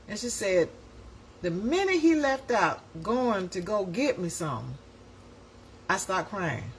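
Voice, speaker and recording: A woman, hosting and telling a story in a casual, animated way, often laughing and acting out voices. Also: medium pitch, slow pace, long pauses, slight background noise. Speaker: host.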